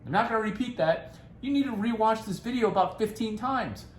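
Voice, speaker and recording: A man giving career advice in a rambling, animated casual talk, often laughing and restarting his sentences. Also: high voice, fairly quick, roomy sound, a little hiss or hum, poor audio.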